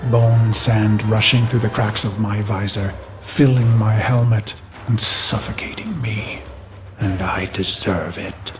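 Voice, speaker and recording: An actor playing a brooding, vengeful human warlord who recalls his past in a grave, haunted inner monologue for a game cutscene. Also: fairly low pitch. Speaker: narrator of a memory.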